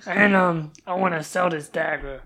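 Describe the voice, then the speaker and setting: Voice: medium pitch, moderate pace, a crowd in the background. A player in a tabletop game, speaking as a demanding, mock-indignant customer. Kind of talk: in-character tabletop role-play.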